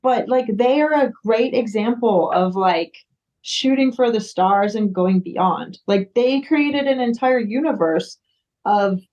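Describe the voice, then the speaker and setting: A woman's voice: fairly high pitch, slow, darkish tone. A woman from the United States, a singer-songwriter, chatting casually as an interview guest, full of fillers and restarts. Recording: dull lo-fi sound.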